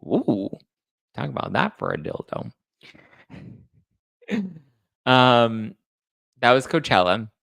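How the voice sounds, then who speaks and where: A man hosting a casual celebrity gossip show, talking in a campy, shade-throwing way with quick asides. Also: medium pitch, lively intonation, vocal fry, fairly bright tone, dry recording, studio quality. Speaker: podcast host.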